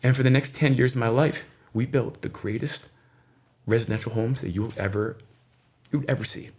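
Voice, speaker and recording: A middle-aged man from Maine, an interview guest, telling a personal story in a lively way and acting out the voices of people in it. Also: medium pitch, moderate pace. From Maine, USA. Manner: animated storyteller who acts out quoted voices. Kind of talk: storytelling in conversation.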